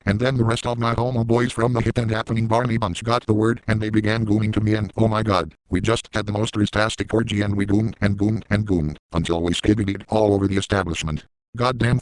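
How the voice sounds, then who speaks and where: A man voicing a crude, boastful middle-aged cartoon dad in a parody comedy video, speaking in a deadpan way. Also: on the low side, dry recording, close to an everyday voice, rough recording. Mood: hyped. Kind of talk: parody voice acting.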